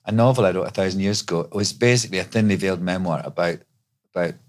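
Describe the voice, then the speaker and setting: A man's voice: deep voice, fast talker. A middle-aged man from Scotland, a guest actor telling stories in a chatty, rambling way with many restarts. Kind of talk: casual chat.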